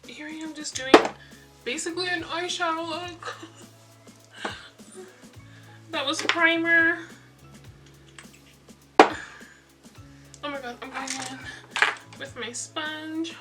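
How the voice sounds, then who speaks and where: A young woman vlogging casually to camera, flustered and rushed, laughing at herself. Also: high-pitched, fairly even intonation, recorded from a distance, loud music behind the voice. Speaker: beauty vlogger.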